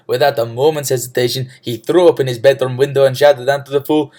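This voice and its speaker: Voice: mid-range voice, steady tone, brisk, hardly any pauses, darkish tone. A storyteller giving a playful, comic reading of a folk tale, tossing in jokey asides and building to big exclamations. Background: music.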